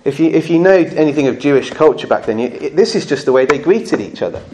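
There's slight background noise as a man delivers a sermon at church in a mellow, expressive, slightly high voice. He speaks earnestly and conversationally, slowing down for emphatic phrases and adding touches of humour.

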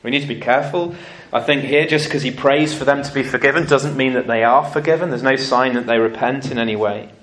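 A man preaching a sermon, telling stories lively and acting out what people said. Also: mid-range voice, fairly quick. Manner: lively storytelling, acting out quotes.

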